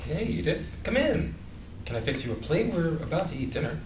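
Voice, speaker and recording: A man's voice: a little high, very animated, a little fast. A man reading a friendly cook. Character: friendly male cook in his thirties. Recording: echoey room, faint noise.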